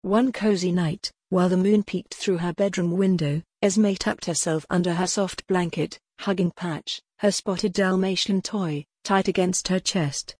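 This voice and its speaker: A synthetic woman's voice gently narrating a bedtime story in a soothing reading manner. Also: fairly low pitch, steady tone, a little slow, hardly any pauses, breathy edge, dry recording, clean studio sound.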